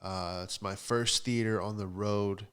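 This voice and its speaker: A man's voice: lowish voice, steady tone, unhurried, fairly bright tone, clear, resonant tone. A young man who hosts a comedy podcast, delivering a sarcastic, ranting stand-up style monologue.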